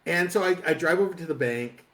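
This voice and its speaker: A man telling a funny story on a casual talk show, animated and laughing often as he mimics the people involved. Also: on the high side, quick pace. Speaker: co-host. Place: studio.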